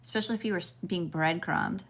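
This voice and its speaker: A woman with a Southern drawl reading tarot for her viewers in a loose, chatty way. She swears freely and drifts into frank asides. Her voice sits a little low for a woman. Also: quick pace, a bit bright. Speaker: tarot reader. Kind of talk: casual spiritual reading.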